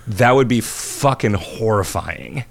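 A man's voice: medium pitch, creaky. A man co-hosting a podcast in casual banter, rambling and laughing often at his own crude jokes. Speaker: podcast co-host.

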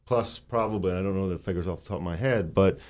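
Low male voice, radio studio guest, relaxed, talking politics off the cuff. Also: fast, a little hiss or hum. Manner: thinking aloud, casual. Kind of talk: political discussion.

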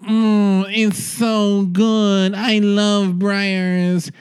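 A man doing a breathy, drawn-out impression of a woman swooning over frozen yogurt in an old TV ad. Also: high voice, level tone, pitched above the performer's own voice.

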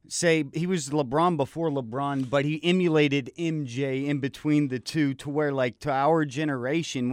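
A man's voice: medium pitch, clear, resonant tone, dry recording, clean studio sound. A man in his thirties co-hosting a sports talk show, speaking in long, reflective run-on sentences. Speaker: podcast co-host. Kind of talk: casual chat.

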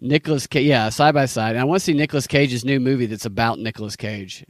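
A man's voice: medium pitch, quick pace, no echo, studio quality. A man hosting a casual podcast chat, enthusiastic and teasing, rambling as he goes.

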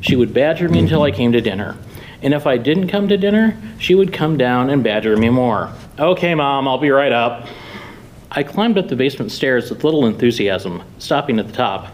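Man, author, live story reading, wry deadpan delivery, middle pitch, faint low rumble. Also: rough recording. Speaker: author reading own fiction.

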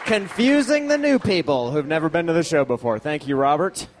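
A man with a fairly high voice tells a true story on stage at a live show. He is self-deprecating, swears freely and laughs as he talks. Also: expressive, brisk, a faint crowd, slight background noise. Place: small live venue with audience.

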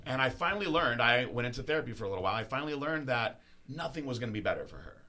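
A man hosting a podcast, talking in a candid, halting, openly emotional way and swearing casually. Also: medium pitch, lively intonation, pushed and bright. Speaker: podcast host.

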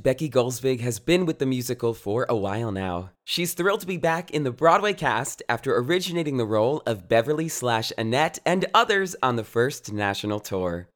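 A man hosting a podcast, bubbly and playful as he opens the show. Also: medium pitch. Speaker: podcast host. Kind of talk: podcast intro and chat.

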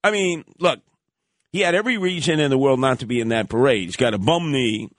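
A man hosting a radio talk show, telling stories in an animated, heated way. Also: mid-range voice, a little fast, dry recording, studio quality. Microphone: studio microphone.

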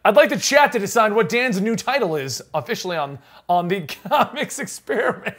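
Male comics podcast host, high animated voice, teasing and chatty. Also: brisk. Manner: playful teasing, reads list aloud. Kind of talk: casual comics podcast chat.

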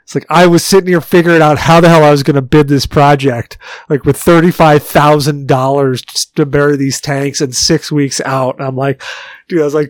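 Telling stories while co-hosting a podcast, this man from Virginia in the United States swears often and laughs through the casual chat. His slightly high voice moves at a moderate pace, with no echo, and he tells stories animatedly.

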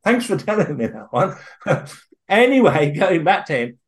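Older Englishman with a lively, swooping voice. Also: a little high. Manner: halting, with many restarts, then eager and animated. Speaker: guest author and researcher. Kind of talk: storytelling in an interview.

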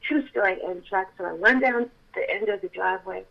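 An older woman, a guest on an interview show, telling a story in an animated, emphatic way that swings up to near-shouting exclamations. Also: medium pitch, brisk, creaky. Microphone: telephone. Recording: tinny phone line.

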